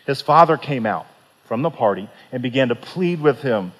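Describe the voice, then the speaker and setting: A pastor preaching a sermon, retelling a parable with earnest rhetorical questions and soft, pleading quoted lines. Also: male voice, medium pitch, very animated, moderate pace. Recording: long reverb of a large hall.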